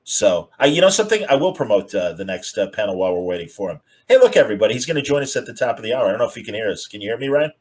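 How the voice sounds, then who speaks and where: A man's voice: fairly low pitch, very animated, racing, few pauses, rough recording. A man hosting a casual video-call interview, rambling with many fillers. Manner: friendly, rambling, lots of fillers. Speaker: host.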